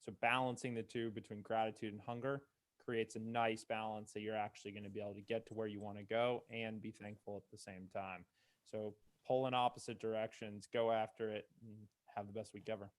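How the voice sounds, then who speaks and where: Measured man with a lowish voice. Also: little pitch movement. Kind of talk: motivational talk.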